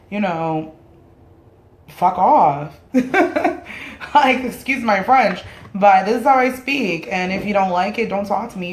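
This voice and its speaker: Blunt, opinionated woman vlogger, echoey room. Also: fairly low pitch. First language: Spanish. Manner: blunt, opinionated, swears freely. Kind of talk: casual opinion rant to camera. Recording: roomy echoey room sound.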